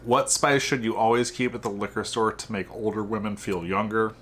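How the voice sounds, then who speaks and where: A man hosting a podcast, telling jokes in a dry, deadpan way. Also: lowish voice, fairly quick, a little hiss or hum. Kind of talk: casual joke telling.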